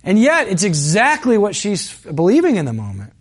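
Man, pastor, fairly high-pitched voice, earnest, conversational sermon, builds to emphatic peaks. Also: huge pitch swings, a little fast, slightly rough.

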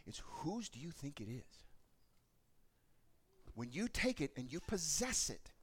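A man preaching a sermon, telling stories in an animated way and acting out the voices of the people in them. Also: on the high side, measured pace, husky. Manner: animated storytelling, acts out voices. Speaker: pastor.

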